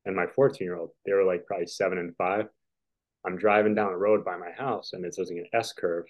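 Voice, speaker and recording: A man in his forties with a very low voice tells a long, rambling story over a video call, full of "like" and "you know" fillers. The call audio sounds dull and lo-fi. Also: fairly even intonation, brisk. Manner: rambling, filler-heavy, chuckling. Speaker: podcast guest, tennis player. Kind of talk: casual storytelling.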